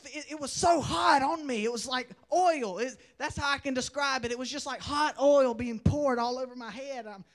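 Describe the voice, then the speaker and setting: A young man preaching a testimony in a sermon, telling his story with animated swings between loud declarations and hushed asides. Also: extremely high pitch, moderate pace, hardly any pauses.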